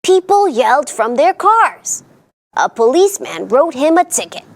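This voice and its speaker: A woman's voice: sits high, big pitch swings, measured pace. A woman hosting a children's storytime, reading a picture book aloud in a sing-song storyteller voice and putting on playful voices for the characters.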